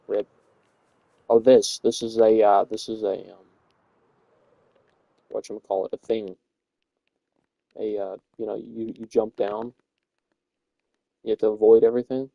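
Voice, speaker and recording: A man's voice: on the low side, little pitch movement, unhurried, gravelly, pauses often, dark tone, dry recording. Rambling young man touring a game world. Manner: rambling, self-correcting, playful. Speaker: Minecraft server tour guide. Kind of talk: casual gameplay commentary. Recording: dull, dry home recording.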